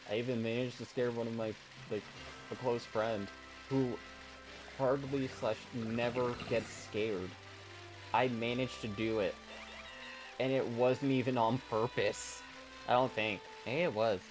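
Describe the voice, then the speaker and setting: Young male streamer, mid-pitched, loose and playful, chuckles a lot, background music under him. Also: rough recording. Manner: rambling and playful, chuckling between stories. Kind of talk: casual live-stream chat.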